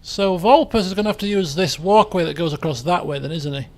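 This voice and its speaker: A man's voice: sits high, brisk, darkish tone. A man chatting his way through a video game, thinking aloud and poking fun at himself. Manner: chatty, thinks aloud, jokey and self-mocking. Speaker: game streamer. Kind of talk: casual let's play commentary.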